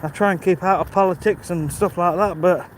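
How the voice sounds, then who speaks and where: A man's voice: high-pitched, fairly quick, rough recording. A British man in his fifties chatting casually on a live stream while walking outdoors, a little out of breath, greeting viewers and answering their questions. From United Kingdom. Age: 50s. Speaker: livestream host. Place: outdoors on a rural walk. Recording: outdoor ambience with audible wind and noise.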